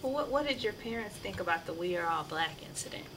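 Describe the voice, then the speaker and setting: A woman leads an oral history interview with short, curious questions. She talks quickly in a fairly low voice. Clear background noise sits under the recording. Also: lively intonation. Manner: curious, brief prompting questions.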